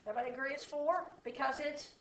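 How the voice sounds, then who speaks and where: A woman teaching math to a class, explaining slowly and checking often that students follow. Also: high-pitched, slight background noise. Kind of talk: classroom lecture. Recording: echoey room from far off.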